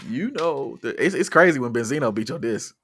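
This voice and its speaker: Guy cohosting a music pod, bright lively voice, casual and jokey. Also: mid-range voice, brisk. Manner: animated, jokey, breaks into loud impressions. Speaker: podcast co-host. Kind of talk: casual chat.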